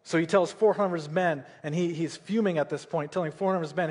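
A man's voice: on the high side, quick pace, hardly any pauses, darkish tone. A man preaching a sermon, retelling a Bible story in a casual way and often checking in with "right?" and "okay?".

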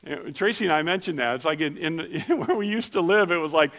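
A man's voice: lively intonation, fairly quick, hardly any pauses. Middle-aged man preaching with humor. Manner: storytelling with self-deprecating humor, drops soft and low for quiet moments. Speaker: pastor. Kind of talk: sermon.

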